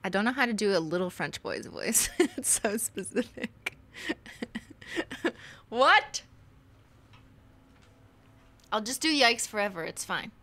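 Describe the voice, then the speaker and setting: Bright-voiced woman streaming a game; casual, giggly, chats to viewers. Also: fairly high pitch, expressive, slow, pauses often. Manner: chatty, laughs often, reads game text aloud. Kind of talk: casual gameplay commentary.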